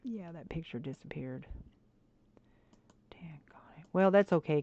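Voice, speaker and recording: A woman streaming a game and chatting to viewers, swinging between frustrated muttering and excited squeals. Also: sits low, normal speed, creaky, pauses often. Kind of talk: casual gameplay chat. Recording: dull lo-fi stream audio.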